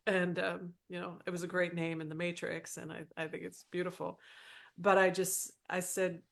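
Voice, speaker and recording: A woman's voice: on the low side, little pitch movement, moderate pace, creaky. A woman podcast co-host and former minister, telling a story animatedly and acting out the dialogue. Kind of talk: storytelling in casual conversation.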